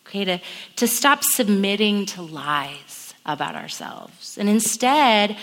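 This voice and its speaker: A woman preaches at a camp gathering, slipping into quick, muttered impressions of the voices in our heads. Her voice is bright and forceful, and it rings out with the long echo of a large hall. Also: mid-range voice. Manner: acts out inner voices in quick murmured asides. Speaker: camp speaker. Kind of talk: sermon.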